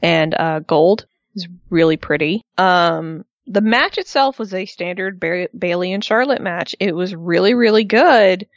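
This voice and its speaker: A woman co-hosting a casual wrestling recap, expressive and acting out quotes in high voices. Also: measured pace, hardly any pauses, no echo, lo-fi sound. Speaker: podcast co-host.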